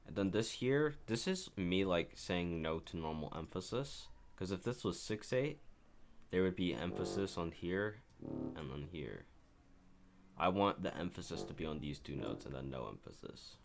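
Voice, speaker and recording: A man's voice: low-pitched, expressive, moderate pace, vocal fry, noisy background. A man casually talks through his own composition as he works on it, rambling and correcting himself as he goes. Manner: rambling, self-correcting, talks while working. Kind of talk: casual screen-share commentary.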